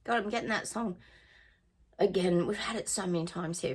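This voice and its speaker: This husky, somewhat low-pitched woman speaks at a normal pace as a psychic giving a casual reading monologue to her viewers. She's chatty, sings snippets of songs, and trails off while musing.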